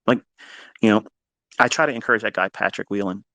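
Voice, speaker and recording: A man giving a blunt, profane trading lecture, hammering points with repetition and swinging between loud bursts and low asides. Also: fairly even intonation, brisk, no echo. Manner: blunt, heavy swearing, emphatic repetition. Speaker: trading educator.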